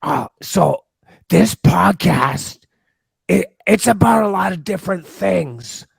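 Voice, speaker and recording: A man playing a slow-witted middle-aged office worker, a podcast guest calling in by video, with a dim, blunt manner and husky voice. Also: sits high, animated, no room sound, studio quality, heavily acted. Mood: dopey. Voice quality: gravelly, husky. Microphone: video call.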